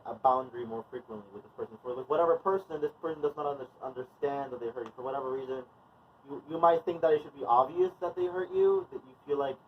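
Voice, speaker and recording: A man leading a movement and wellness class in a loose, conversational way, full of fillers and restarts. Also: fairly high pitch. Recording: distant mic, dull sound, faint noise.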